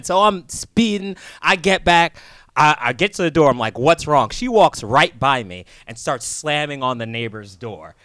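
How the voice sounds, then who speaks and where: A man who is a stand-up comedian, telling funny stories in a casual, animated way and acting out the voices. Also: medium pitch, fairly quick, no room sound.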